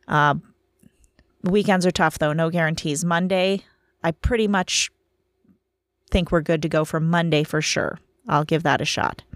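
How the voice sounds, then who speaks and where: A woman's voice: deep voice, fairly even intonation, unhurried, pauses often, no room sound, clean studio sound. A woman in her thirties hosting a casual solo podcast, chatting in a rambling, self-deprecating way while tired from lack of sleep. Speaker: podcast host.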